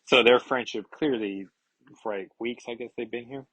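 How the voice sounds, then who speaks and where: A man's voice: mid-range voice, moderate pace, a bit bright, husky, dry recording, rough recording. A man hosting a casual comic-book recap, talking loosely with sarcastic asides. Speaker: comic book podcast host.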